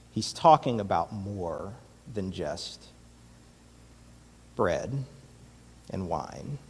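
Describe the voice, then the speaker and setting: Low husky guy doing a slow communion talk and prayer, lots of pauses, echoey church hall. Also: very animated, a little mellow, a little hiss or hum. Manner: reflective, with many pauses and fillers. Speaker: communion meditation leader. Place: church sanctuary. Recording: long hall reverb from a distance.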